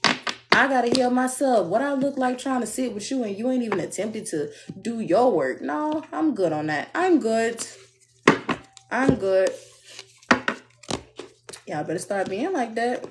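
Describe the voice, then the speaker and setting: A woman's voice: animated, normal speed, very noisy. Young woman, live tarot reading, blunt, sassy, preachy. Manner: blunt, sassy, preachy, mimics others in high voices. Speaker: tarot reader.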